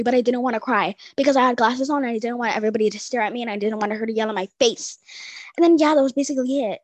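A woman's voice: a little high, dry recording. A young woman co-hosting a casual chat, telling school stories with many fillers and restarts. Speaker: podcast co-host.

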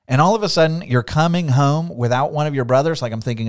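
Co-hosting a laid-back Bible study podcast, this middle-aged man is lively, laughs a lot and performs the voices of the story's characters. He speaks a little high and fairly quickly.

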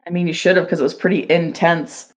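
A woman co-hosting a podcast in casual chat, playful and quick to laugh. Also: fairly low pitch, fairly even intonation. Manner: laughs easily, unhurried, playful. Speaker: podcast co-host.

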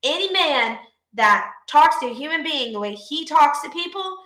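Brief: podcast co-host, woman, bright and sharp voice, cussing storyteller. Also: high voice, moderate pace, roomy sound. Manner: profane, animated storytelling with laughs. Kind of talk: casual storytelling chat.

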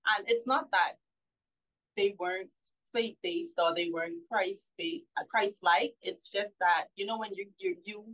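A woman telling a personal faith story in a candid, conversational way, often going quiet and soft. Her pitch is middling for a woman. The recording sounds a bit dull and lo-fi. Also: measured pace. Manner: candid, often drops to a soft, low voice when recalling things. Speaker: podcast guest.

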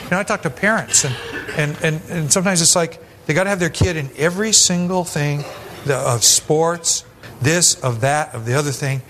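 A man's voice: fairly high pitch, normal speed, fairly bright tone, slight background noise. A man pastor giving a sermon in a conversational style, acting out quoted voices as he goes and often restarting his sentences.

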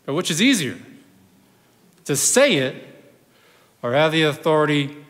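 A male pastor preaching an animated sermon, swinging from loud bursts to hushed storytelling. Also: a little high, unhurried, big-room sound.

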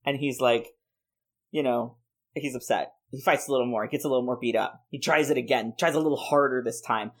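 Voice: mid-range voice, steady tone, a little fast. A podcast host in a casual chat, playfully rambling through a made-up comic plot with lots of "like" fillers. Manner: playful, rambling, frequent laughs and many "like" fillers.

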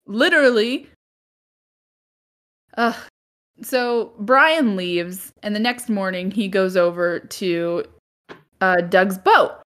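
A woman's voice: mid-range voice, takes it slowly, pauses often, fairly bright tone. A woman co-hosting a podcast, recapping a movie in casual chat, laughing often and groaning "ugh". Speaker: podcast co-host.

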